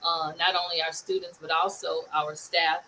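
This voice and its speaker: A woman's voice: low-pitched, flat delivery, moderate pace, sharp tone, a little hiss or hum, rough recording. A woman hosting a casual talk show chat over a video call, upbeat and laughing often.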